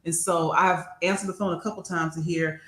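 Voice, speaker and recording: A woman's voice: on the low side, steady tone, a little fast, a bit bright, roomy sound. A woman co-hosting a political chat show, brash and profane, with a joking manner. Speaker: podcast co-host.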